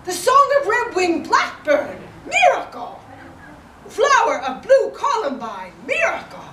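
A woman's voice: extremely high pitch, huge pitch swings, measured pace, voice pushed up, full character voice. A woman voicing an exuberant, awestruck old male poet who calls out each word with delight. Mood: exultant. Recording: roomy, distant, noisy event recording.

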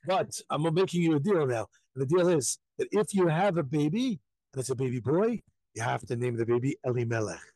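A man's voice: mid-range voice, lively intonation, a little fast, dark tone, no room sound, voice pushed down, poor audio. A man voicing a pushy male boss who insists on a bargain, in a storytelling quote. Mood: coaxing.

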